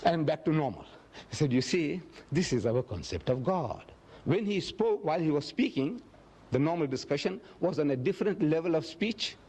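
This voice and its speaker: A man giving a public religious lecture, acting out quoted speech dramatically and slowing down to stress key phrases. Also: big pitch swings, a little mellow, husky. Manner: dramatic, acts out quoted speech with big pitch swings.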